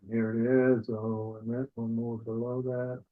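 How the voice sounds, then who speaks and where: A man's voice: medium pitch, little pitch movement, unhurried. A man leading a live trading webinar, walking through charts in a casual way, thinking aloud and saying "all right" again and again. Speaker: forex trading instructor. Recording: tinny phone-like webinar audio.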